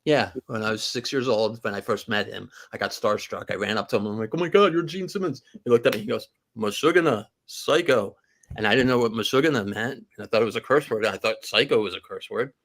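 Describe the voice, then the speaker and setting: Gravelly joking man telling stories. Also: on the low side, steady tone, fast, few pauses, a bit bright. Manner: joking, rambling anecdotes with quoted voices. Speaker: podcast co-host. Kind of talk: casual chat, storytelling.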